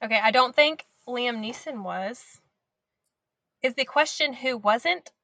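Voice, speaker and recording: A woman's voice: fairly high pitch, unhurried, sharp tone, dry recording. A woman guest on a casual podcast, giggly and easygoing. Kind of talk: casual chat.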